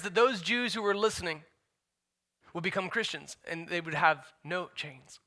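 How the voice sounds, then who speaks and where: A man preaching a sermon as pastor, emphatic, swinging between loud declarations and hushed asides. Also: sits high, normal speed.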